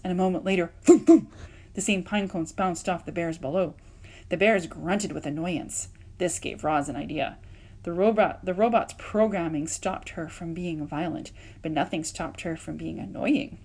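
A woman reading a children's novel aloud, with expressive, lively narration and voiced sound effects. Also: on the low side, husky. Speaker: audiobook reader. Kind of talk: storybook read-aloud.

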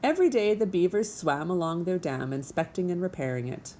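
A woman reading a children's storybook aloud as the narrator in a steady, clear voice. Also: lowish voice, fairly quick, a little hiss or hum. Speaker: audiobook narrator.

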